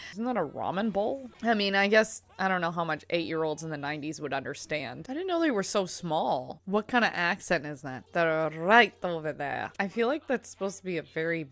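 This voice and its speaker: A young woman giving casual reaction commentary while watching a show, chatty and quick to laugh, asking lots of questions. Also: fairly low pitch, very animated. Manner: chatty, laughing often, asks many questions. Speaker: reaction vlogger.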